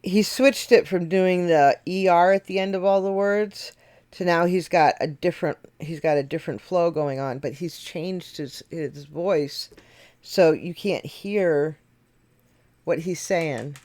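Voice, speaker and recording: Slow, unhurried woman reacting to music. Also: fairly low pitch, a little mellow, no echo. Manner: thinking aloud, chuckling, self-correcting. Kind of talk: casual reaction commentary. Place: home setup at a computer.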